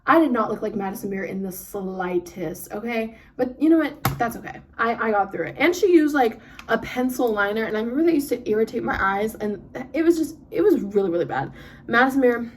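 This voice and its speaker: A young woman chatting as she does her makeup for a vlog, talking fast and rambling with lots of fillers, recorded on a phone. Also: fairly high pitch, animated. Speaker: beauty vlogger. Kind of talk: get-ready-with-me chat. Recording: phone mic from a distance, some noise.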